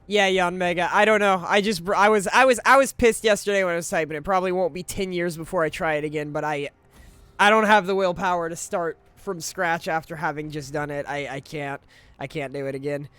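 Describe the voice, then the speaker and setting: A man's voice: high-pitched, steady tone, a little fast, a bit bright, clean tone, no echo. A man streaming a video game, chatting casually to his viewers in a rambling, profane way, often cutting himself off and chuckling.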